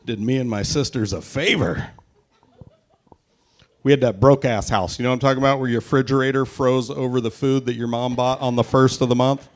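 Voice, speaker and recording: A brash young man tears through a stand-up set, swearing freely and firing jokes at the crowd. He is from the Pacific Northwest, and his voice sits at an ordinary middle pitch. He works a live room in a brewery. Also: fairly even intonation, a little fast. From Pacific Northwest, USA. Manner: crude, brash, profane, punchy delivery. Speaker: stand-up comedian.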